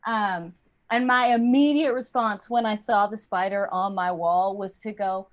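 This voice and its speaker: A woman's voice: mid-range voice, fairly even intonation, unhurried. A young woman performing a playful stand-up set over a video call, slipping in and out of silly accents. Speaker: stand-up comedian. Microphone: computer mic on a video call.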